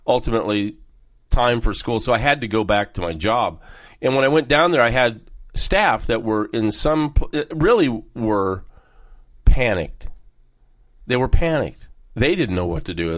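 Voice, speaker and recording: Rambling, heated male talk host. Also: lowish voice. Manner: rambling, heated, jumps between topics. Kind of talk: opinionated political monologue.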